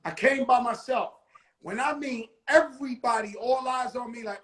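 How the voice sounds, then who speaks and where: Animated high-voiced man telling a story. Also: normal speed, poor audio. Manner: animated storyteller, swears freely. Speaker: host of a livestream chat. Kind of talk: casual livestream conversation.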